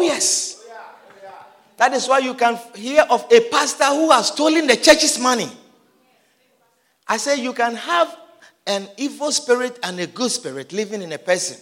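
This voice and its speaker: A man preaching a sermon, emphatic and sing-song, swinging from soft asides to shouted peaks, with repeated call-and-response. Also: extremely high pitch. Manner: repetitive call-and-response style.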